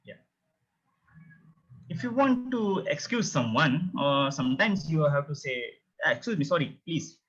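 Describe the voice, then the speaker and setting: A man's voice: on the high side, expressive, measured pace, a bit bright, husky. A man teaching a beginner language lesson, patiently repeating each word many times and explaining pronunciation step by step. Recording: dull lo-fi recording.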